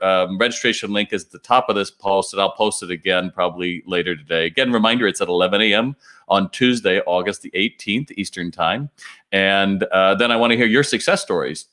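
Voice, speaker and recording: Chatty low-voiced male retail consultant. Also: fairly bright tone. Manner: chatty storytelling with fillers and restarts. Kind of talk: casual promotional video message.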